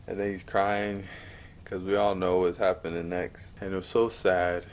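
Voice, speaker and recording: A man casually reviewing a movie, retelling scenes with animated high-pitched outbursts. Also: normal speed.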